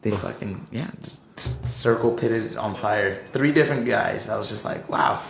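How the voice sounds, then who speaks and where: A man with a lowish voice tells a tour story with lots of energy, swearing as he goes and slipping into the voices of the people in it. His voice has a roomy echo, and a faint hum of ambience sits behind it. It sounds like a relaxed podcast chat. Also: normal speed, vocal fry. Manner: animated, swears freely, acts out what people said. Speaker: touring crew guest. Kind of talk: casual storytelling.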